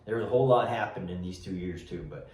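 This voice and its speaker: A man's voice: deep voice, fast, darkish tone, slight background noise. A middle-aged man telling his life story in a rambling, folksy, casual way, often restarting his sentences. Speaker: interview guest giving testimony. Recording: echoey room, mic at a distance.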